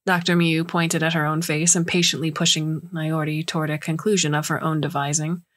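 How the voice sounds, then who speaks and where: A woman narrating a science fiction story in a measured, scripted way. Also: sits low, flat delivery.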